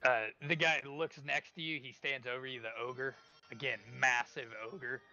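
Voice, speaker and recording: A man's voice: medium pitch, fairly even intonation, normal speed, sharp tone, no echo, dull audio. A man narrating as game master of a tabletop game, in loose, filler-heavy speech.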